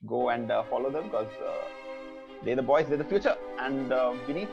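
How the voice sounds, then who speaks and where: Male podcast host, playful and jokey, filler-heavy; mid-pitched, dull lo-fi audio. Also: lively intonation, fairly quick, creaky, music in the background. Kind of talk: casual podcast interview. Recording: dull lo-fi sound.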